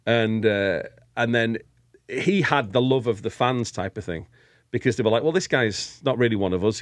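British man telling animated stories. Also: medium pitch, no echo. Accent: British English. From England. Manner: animated storyteller, laughs often. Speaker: guest. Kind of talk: casual chat.

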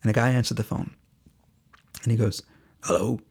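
A man hosting a podcast, telling a story about phone banking in an earnest, halting way. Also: medium pitch, flat delivery, a little mellow, husky. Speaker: podcast host and phone bank organizer.

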